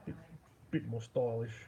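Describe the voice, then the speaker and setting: A man's voice: medium pitch, warm tone. A man chatting casually on a live stream, rambling and chuckling with lots of fillers. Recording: dull lo-fi with faint noise.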